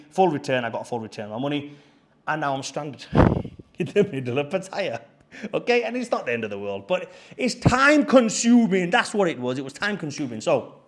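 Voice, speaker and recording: Blunt vlogger, lively swinging pitch, swears a lot, repeats himself. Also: male voice. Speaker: YouTuber. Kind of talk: casual storytelling vlog. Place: apartment indoors.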